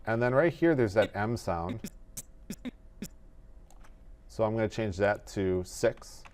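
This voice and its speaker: A man teaching animation in a screen-recorded tutorial, explaining each step in a methodical, relaxed way. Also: lowish voice, slow.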